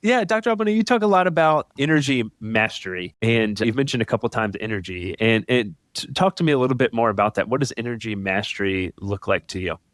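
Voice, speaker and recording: A man's voice: mid-range voice, animated, fast talker, few pauses, fairly bright tone, no room sound. Enthusiastic male podcast host, dry sound. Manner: enthusiastic, affirming. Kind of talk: conversational podcast interview.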